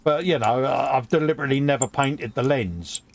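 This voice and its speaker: A man's voice: mid-range voice, fairly quick, creaky. An English man co-hosting a casual live stream, easygoing and bantering. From England. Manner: easygoing, banters, calls people mate. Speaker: co-host.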